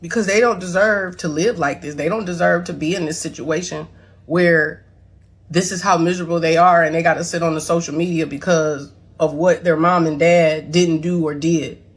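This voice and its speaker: A woman's voice: on the low side, fairly even intonation, moderate pace, husky. A middle-aged woman talking blunt and profane straight to camera, emotional and on the verge of tears as she defends herself to her son's followers. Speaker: mother responding to her son online.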